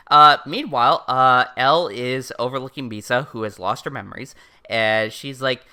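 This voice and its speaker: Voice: medium pitch, moderate pace, sharp tone, smooth. A podcast co-host chatting casually about an anime, swearing freely and mimicking the characters. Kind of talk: casual chat recapping anime.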